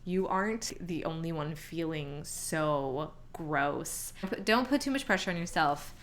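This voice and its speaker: A woman's voice: deep voice, expressive, unhurried, slight background noise. A young woman chatting casually in a pregnancy vlog, full of "like" fillers, now and then acting out her own reactions. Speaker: vlogger.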